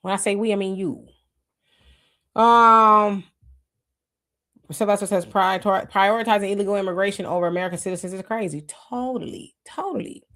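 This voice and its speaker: A woman hosts a live stream, reading the chat, greeting commenters by name and reacting in a talkative, casual way. Her mid-range voice is steady and fairly bright, at a moderate pace with frequent pauses. She often restarts and laughs.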